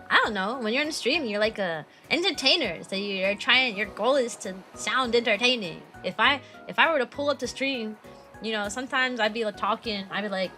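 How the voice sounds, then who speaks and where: A woman's voice: a little high, animated, a little fast, sharp tone, soft background music. A young adult woman streaming as a VTuber, chatting casually with viewers, filling her talk with "like" and laughing often.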